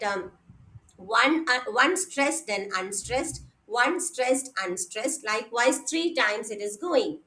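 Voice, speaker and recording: A woman's voice: high-pitched, sharp tone, low-quality recording. A woman giving an online lecture, explaining step by step, repeating points and checking in with her students.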